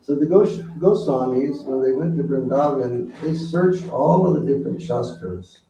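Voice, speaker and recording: A man giving an evening spiritual talk as a guru, gentle and unhurried, often pausing and quoting scripture to a gathered audience. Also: mid-range voice, vocal fry. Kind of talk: sermon. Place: hall during an evening program. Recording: roomy, distant, dull lo-fi recording with faint noise.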